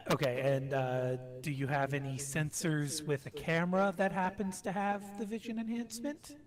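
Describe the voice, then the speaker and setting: A man's voice: a little high, steady tone, normal speed, a crowd in the background. A man running a tabletop role-playing game as game master, talking in a rambling, hesitant way with many fillers.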